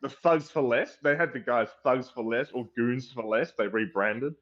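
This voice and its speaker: A man's voice: medium pitch, moderate pace, fairly bright tone, lo-fi sound. A man chatting casually on a podcast, rambling and swearing as he goes. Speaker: podcast co-host. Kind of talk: casual chat.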